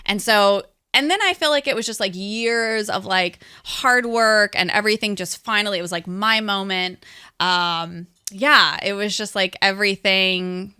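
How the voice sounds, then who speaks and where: A woman in her thirties, an interview guest telling stories in a casual, animated way, full of "like" and acted-out quotes. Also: mid-range voice, measured pace, clear, resonant tone, dry recording, clean studio sound. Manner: animated, acts out quotes, says "like" often. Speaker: interview guest, former pro wrestler. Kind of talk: casual storytelling.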